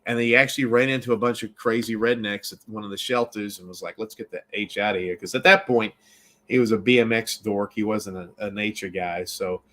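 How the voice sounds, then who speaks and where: A man from Baltimore, a filmmaker and actor, telling a story in a rambling, animated way with many restarts in a casual interview. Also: on the low side, a little fast.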